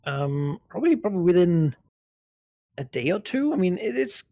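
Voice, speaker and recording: A man's voice: sits high, sing-song, moderate pace, mellow, no room sound, dull audio. A man narrating a tabletop game as game master, hesitant and full of fillers.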